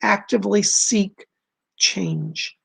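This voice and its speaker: A man doing live psychic readings on a stream, talking in a gentle, reassuring, chatty way to his viewers, and his voice is going hoarse. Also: sits high, slow. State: losing his voice.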